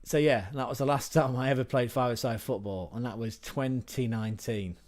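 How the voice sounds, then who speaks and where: Slightly fast, with a darkish tone and fairly even intonation, an English man talks in a mid-range voice on his livestream. He chats loosely, rambling through stories and swearing freely in a plain, conversational middle register.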